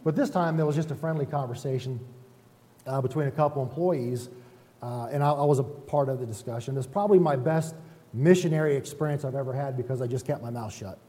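Folksy pastor preaching in a reverberant hall. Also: male voice, medium pitch, a little fast, mellow. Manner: folksy, self-deprecating, talks to the congregation with frequent "right?". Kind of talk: conversational sermon.

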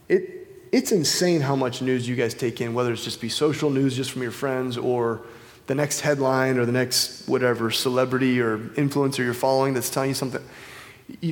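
Man preaching casually with long hall reverb. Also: on the high side. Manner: casual, conversational, many fillers and restarts. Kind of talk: informal sermon. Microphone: wireless microphone.

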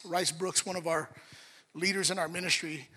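A man preaching a sermon, animated, acting out the story in different voices. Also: a little high, moderate pace, slightly rough. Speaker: pastor. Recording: long reverb of a large hall.

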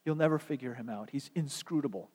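Gentle wise father, quiet and plainspoken, voiced by a male preacher, reverberant hall. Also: medium pitch, fast talker, husky, natural voice. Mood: reassuring. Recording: long echo of a large hall.

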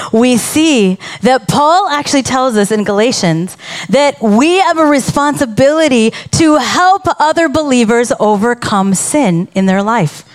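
A woman pastor preaching a sermon in a church, talking conversationally and drawing the congregation into call-and-response. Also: high-pitched. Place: church sanctuary.

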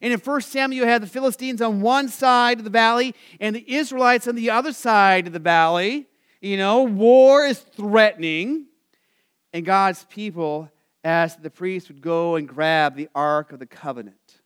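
A male pastor with a strikingly high, smooth and resonant voice delivers a sermon. He talks to the congregation casually, dropping "you know" often, and pushes into bursts of excited energy. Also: normal speed. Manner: conversational, lots of "you know" asides; rises to excited, energetic emphasis. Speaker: Lutheran pastor.

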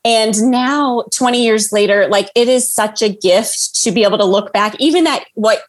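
A woman's voice: a little high, normal speed. A woman guest on a podcast, telling a personal story in an earnest, reflective way. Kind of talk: casual conversation.

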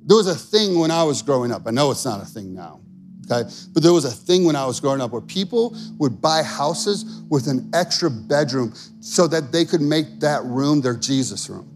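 A man's voice: a little high, expressive, normal speed, soft background music. A male pastor preaching a sermon in an earnest, conversational way.

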